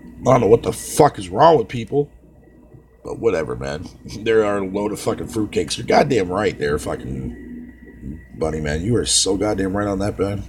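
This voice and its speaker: A man's voice: sits low, lively intonation, normal speed, darkish tone, slight background noise. A man ranting profanely on a casual live stream, talking to his viewers by name and swearing constantly.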